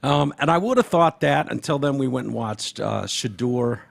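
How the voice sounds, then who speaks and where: A man co-hosting a podcast, his voice gravelly and a little husky. He sounds worn down and tired, but his pitch still swings up and down in a lively way as he chats loosely and swears freely. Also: moderate pace. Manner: loose, profane, talks sports with animated swings in pitch. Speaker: podcast co-host. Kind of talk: casual chat.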